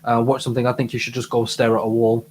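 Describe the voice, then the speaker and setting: Man, mid-pitched voice, webcam live stream, playful and eager, repeats words as he talks. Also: flat delivery, quick pace, slight background noise. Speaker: advice show co-host. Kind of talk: casual live-stream banter.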